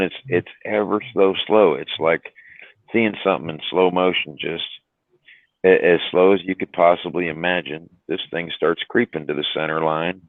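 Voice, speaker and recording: A man's voice: deep voice, dry recording. A man telling a long story about driving a truck, in a rambling casual way with fillers and some swearing. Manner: rambling anecdote with frequent fillers and mild swearing. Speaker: truck driver telling a story on a live stream. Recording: tinny phone-like sound.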